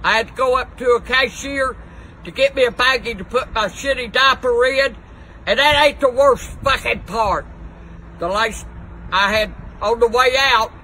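An older woman rants to the camera in a crude, cranky comic style. Her voice comes across sharp and forceful. She is recorded outdoors on a balcony, with faint noise behind her. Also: high-pitched, low-quality recording. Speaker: comedy vlogger doing mock news and weather reports. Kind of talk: profane comic rant to camera.

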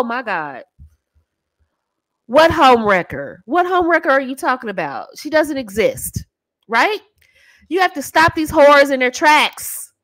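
Animated American woman coaching, lively pitch. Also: no echo. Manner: animated, teasing, breaks into soft sultry demo voices and laughs. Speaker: dating coach. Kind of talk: casual advice talk to camera.

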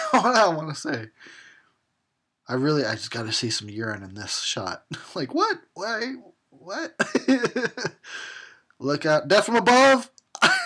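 A man's voice: medium pitch, a bit bright, husky. A man giving a tipsy, sarcastic commentary on a horror film, laughing and swearing as he goes. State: tipsy from drinking.

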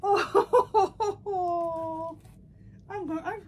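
A woman's voice: extremely high pitch, fairly even intonation, very slow, darkish tone. A woman vlogger chatting casually through a box opening, gushing and sentimental. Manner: gushing, sentimental, easily moved. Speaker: doll collector vlogger.

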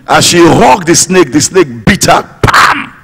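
Husky-voiced pastor preaching, pitch a bit high, long reverb around him. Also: male voice, very animated, unhurried, bright, forceful tone. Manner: emphatic, rising to declamation then dropping low. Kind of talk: sermon.

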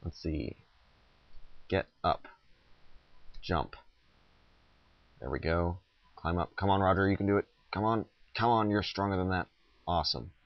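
Man, deep, chatty gameplay commentary, dry close sound, slightly dull audio. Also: measured pace, long pauses, no echo. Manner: rambling, self-interrupting, joking. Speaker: let's play host.

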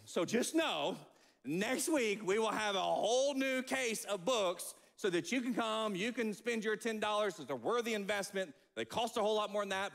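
A man preaching a sermon as pastor, animated and acting out quotes. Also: high voice, gravelly, big-room sound. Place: church sanctuary.

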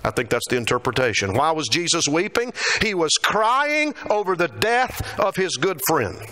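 Guy preaching, bright voice, swoops up and down a lot when he gets into it. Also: normal speed. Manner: animated, acts out quotes with rising pitch. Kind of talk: sermon. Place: church.

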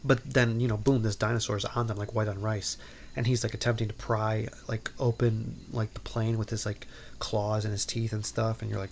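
A man's voice: fairly low pitch, level tone, normal speed, vocal fry, slight background noise. A man hosting a podcast, casually recapping a movie in a rambling way, full of "like" and "um," with playful asides. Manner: rambling, filler-heavy, lots of "like" and "um"; playful, self-interrupting asides. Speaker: podcast host.

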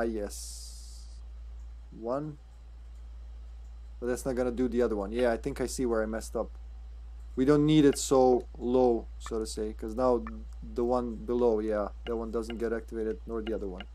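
A man's voice: mid-range voice, little pitch movement, measured pace, mellow, slight background noise. A man streaming a horror game live, commenting casually, often stammering, swearing and laughing.

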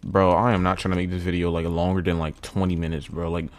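A young man commenting casually on a video game at home, muttering low, then yelling when excited, repeating himself with lots of bro and man. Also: fast, dry recording. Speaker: gaming YouTuber. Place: at home indoors.

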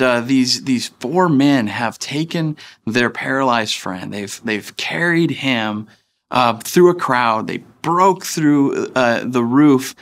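A man in his thirties delivers a sermon in a church. He talks in a loose, chatty way, full of little fillers and restarts, and his voice sits at an ordinary middle pitch. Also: fairly bright tone. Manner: casual conversational preaching with filler words. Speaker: pastor. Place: church stage.

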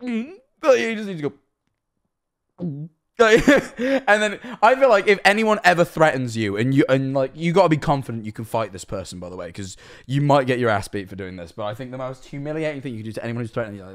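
Swearing young streamer, lively. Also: male voice, medium pitch, brisk. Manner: swears freely, rambling, laughs often. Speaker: streamer reacting to videos. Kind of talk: casual reaction commentary.

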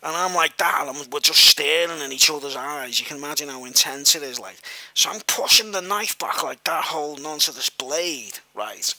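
A man's voice: a little high, expressive, normal speed, bright, forceful tone, no room sound, rough recording. A man telling a personal story straight to camera, rambling with many "like"s and "you know"s and talking to viewers as guys.

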